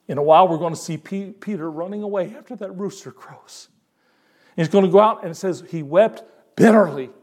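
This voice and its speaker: Older man preaching with emphatic repetition. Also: a little high. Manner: expressive, repeats words for emphasis, quotes scripture. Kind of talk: sermon.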